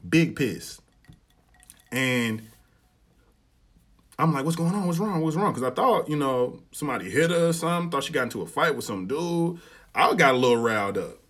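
Animated man podcasting in AAVE. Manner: animated storytelling, acts out quotes with rising pitch, swears freely. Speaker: podcast host. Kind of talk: casual solo podcast commentary.

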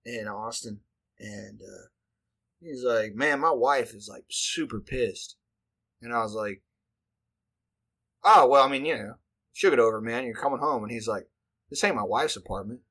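A man's voice: mid-range voice, normal speed, long pauses, pushed and bright, slightly rough. A man, telling a profane, rambling story in casual chat. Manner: profane, rambling, filler-heavy delivery.

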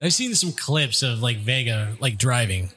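A man's voice: medium pitch, expressive, a little slow, sharp tone. A man hosting a podcast, chatting casually and laughing often as he asks his guest questions. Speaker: podcast host. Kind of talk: casual interview chat.

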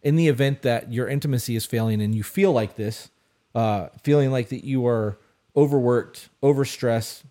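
A man in his thirties co-hosts an advice podcast, speaking at a normal speed in a mellow, medium-pitched voice. He talks casually and bluntly, swearing and repeating himself for emphasis.

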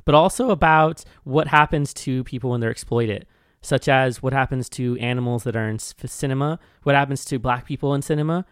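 A man's voice: medium pitch, brisk, clear, resonant tone, no room sound, studio quality. A man co-hosting a casual podcast, explaining a film's references in a hesitant, explanatory way with restarts and fillers. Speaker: podcast co-host. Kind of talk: casual film discussion.

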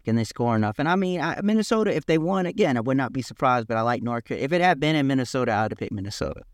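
A man talking football picks in a relaxed podcast chat at a middling pitch. He leans into his points, hammering the same word again and again, and the dry close sound leaves no room echo at all. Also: racing. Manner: emphatic, repeats key words, restarts often. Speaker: podcast co-host. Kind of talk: casual sports chat.

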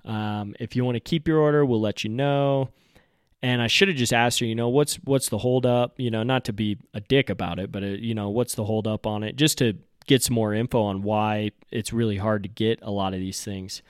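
A fishing guide hosting his podcast, telling a casual story and acting out his own excited and let-down reactions. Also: fairly low pitch, a little fast, hardly any pauses, smooth, dry recording, studio quality. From Colorado.

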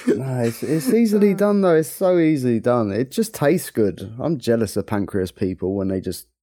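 A man's voice: medium pitch, animated, moderate pace, mellow, dry recording, studio quality. A young man with a London accent co-hosting a podcast in laid-back, jokey banter. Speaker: podcast co-host. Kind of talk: casual banter.

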